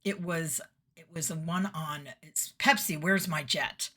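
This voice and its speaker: A woman's voice: low-pitched, steady tone, unhurried, pushed and bright. A middle-aged woman telling stories in a chatty monologue, laughing often and acting out the people in them. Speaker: vlogger giving weekly messages. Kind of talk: casual storytelling monologue.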